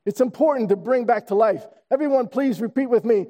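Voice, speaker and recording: A man in his sixties preaches with a high voice and a mellow, dark tone. He tells stories in an animated way and comes back to key phrases again and again. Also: fairly quick. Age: 60s. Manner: storytelling, animated, repeats phrases for emphasis. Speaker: pastor. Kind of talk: sermon.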